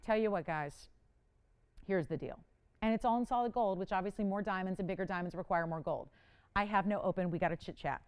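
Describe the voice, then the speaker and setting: A woman hosting a live jewelry auction on TV, chatty and animated, playfully dramatic as she talks to callers and crew. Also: medium pitch, a little fast, smooth. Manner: dramatic, playful self-mocking. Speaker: live shopping host. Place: TV studio.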